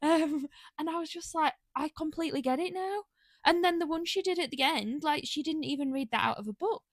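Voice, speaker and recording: A woman's voice: high voice, fairly quick, dry recording, clean studio sound. A woman co-hosting a podcast, chatting casually and telling stories with lots of gushing, quoted reactions. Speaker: podcast co-host. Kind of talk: casual chat.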